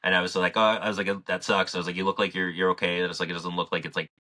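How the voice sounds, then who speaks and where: Low, bright-toned man telling a story. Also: flat delivery, rapid-fire. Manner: rambling, loose, heavy on "like" and swearing. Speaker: podcast co-host. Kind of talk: casual chat, telling a story.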